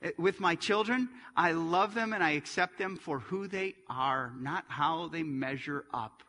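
A middle-aged pastor preaches in a church with a bright, ringing, slightly high voice, swinging between loud, forceful passages and hushed ones. His pace is a little slow, and a long reverb trails every phrase.

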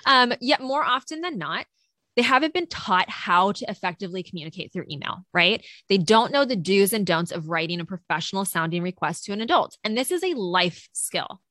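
A woman co-hosting a teaching podcast, talking in a lively, chatty way and laughing easily. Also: mid-range voice, a little fast, no room sound. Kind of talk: casual podcast chat.

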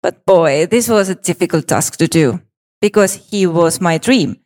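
A woman giving a storytelling speech on stage, swinging between hushed pauses and excited pleading, with repetitions. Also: fairly low pitch. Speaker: speaker presenting a personal story.

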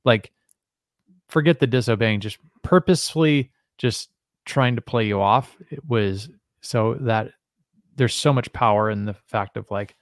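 A man's voice: medium pitch, unhurried, no room sound, clean studio sound. Chatty podcast co-host man. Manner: chatty, asks questions, jokes with his co-host. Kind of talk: casual podcast chat.

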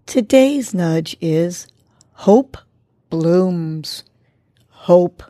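A woman hosting a morning podcast, guiding a breathing exercise and giving encouraging words in a soothing, steady voice. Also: lowish voice, no room sound, studio quality. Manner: slow, soothing, encouraging delivery. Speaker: podcast host. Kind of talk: guided breathing and motivational talk.

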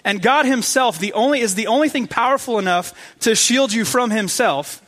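High-voiced man preaching casually. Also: normal speed, a bit bright. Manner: conversational, enthusiastic, many fillers and repeats. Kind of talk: casual sermon.

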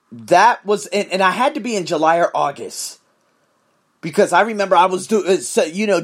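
A man hosting his own podcast, ranting in a profane, emphatic solo monologue. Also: high-pitched. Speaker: podcast host.

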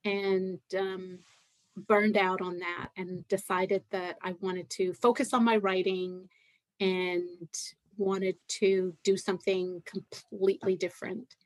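A woman's voice: mid-range voice, level tone, slow, no room sound. Hesitant woman with a dry close sound. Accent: American with Scottish roots. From Scotland. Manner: hesitant, many fillers and restarts. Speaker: guest, writer and massage therapist. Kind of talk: casual interview chat.

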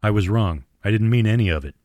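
A man's voice: on the low side, expressive, fast, a little mellow, no echo, close to an everyday voice. A man voicing a frightened teenage girl who pleads urgently. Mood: desperate.

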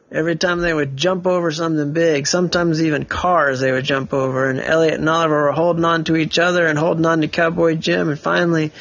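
A man's voice: fairly high pitch, a bit bright, lo-fi sound. A father improvising a bedtime story, rambling and correcting himself as he goes.

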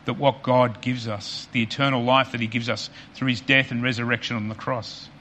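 A man preaching a sermon as pastor, earnest and repetitive for emphasis, often dropping quiet on key points. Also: medium pitch, level tone, a little fast, slight background noise.

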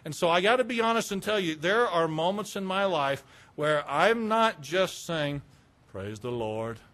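A man's voice: high voice, moderate pace, a bit bright. A middle-aged man from the American South preaching a sermon in a candid, conversational way, with confessional asides. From Southern United States. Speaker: pastor.

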